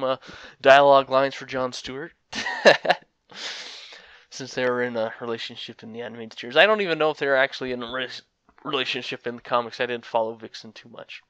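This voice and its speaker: A man's voice: mid-range voice, bright, forceful tone, clean tone, dry recording. A young man giving casual, rambling commentary on a fighting game, with frequent fillers and chuckles. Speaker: gaming commentator.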